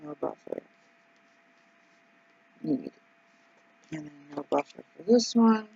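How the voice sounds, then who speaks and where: A woman vlogging casually as she works through her budget out loud, anxious and rambling, with frequent ums and exclamations. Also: low-pitched, expressive, takes it slowly, creaky, husky, lo-fi sound. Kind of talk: casual vlog, thinking aloud over budget.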